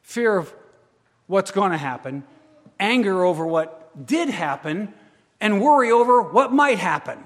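Male preacher, slightly high voice, dramatic delivery, long hall echo. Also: expressive, moderate pace. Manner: dramatic, voices the worried psalmist in first person. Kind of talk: sermon.

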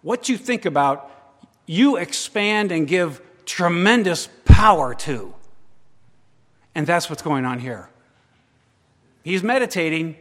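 A man's voice: on the high side, animated, takes it slowly, long pauses. Preaching man in a reverberant hall. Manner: dramatic, voices the worried psalmist in first person. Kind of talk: sermon.

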